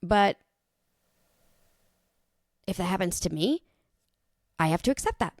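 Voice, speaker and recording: A woman in her thirties hosting a podcast, thinking out loud in a rambling, casual monologue with the odd swear. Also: medium pitch, animated, unhurried, no room sound, studio quality. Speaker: podcast host.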